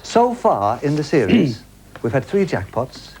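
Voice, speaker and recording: A man's voice: fairly high pitch, very animated, a little slow, darkish tone, a little hiss or hum. A man hosting a studio game show with a jokey, teasing patter and a studio audience.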